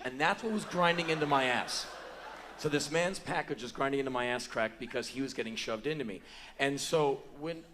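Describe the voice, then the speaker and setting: A man in his forties telling a long comic story live on a theater stage, animated and breaking into loud yelps and acted-out quotes. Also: medium pitch, slight background noise. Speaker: spoken word performer. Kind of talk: live spoken word storytelling. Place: large theater stage before a live audience.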